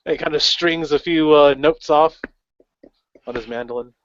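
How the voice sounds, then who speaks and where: A man's voice: fairly high pitch, moderate pace, no room sound. A man playing in a tabletop game, describing his character's actions in a loose, casual way. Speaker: player. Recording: dull, dry sound.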